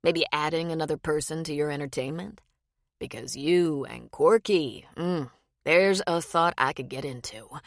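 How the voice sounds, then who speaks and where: A woman voicing a smooth adult male con man who is charming, slick and teasing, then menacing. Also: low voice, normal speed, no room sound, studio quality.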